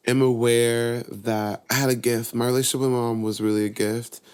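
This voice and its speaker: A young man on a podcast as a guest, chatting casually and telling lively personal stories. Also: a little fast, smooth. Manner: animated storyteller, voices his younger self and mom in higher tones. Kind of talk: casual chat, storytelling.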